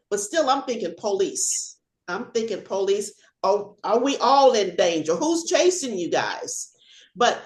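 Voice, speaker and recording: Animated older woman telling a story. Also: a little high, measured pace, echoey room. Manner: animated storyteller, acts out shouting and laughs. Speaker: retired police officer. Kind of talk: personal storytelling on a video call. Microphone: video call.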